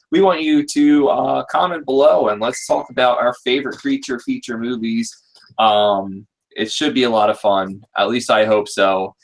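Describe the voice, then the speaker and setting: A man in his thirties hosting a casual group talk, rambling with many fillers and restarts. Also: mid-range voice. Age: 30s. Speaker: podcast host.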